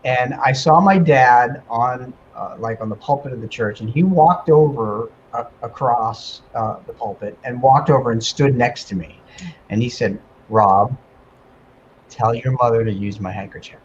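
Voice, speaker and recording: A man guest on a talk radio show, telling an emotional personal story in a casual, animated way with many fillers. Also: medium pitch, moderate pace, lo-fi sound, a little hiss or hum. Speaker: guest medium and author.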